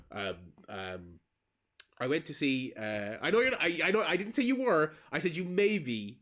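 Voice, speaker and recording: An Irish man chats loosely on a game livestream, his pitch swinging up and down as he rambles. He curses often and trips over his own restarts while telling a story. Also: big pitch swings, measured pace, a bit bright. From Limerick, Ireland. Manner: rambling, swears freely, stumbles and restarts. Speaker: streamer.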